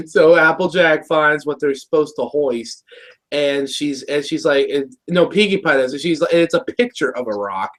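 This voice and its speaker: A man's voice: a little high, measured pace, fairly bright tone. A man co-hosting a casual review show, recapping an episode in a rambling way with lots of restarts and laughs. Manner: rambling, many restarts, laughs while talking. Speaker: show co-host.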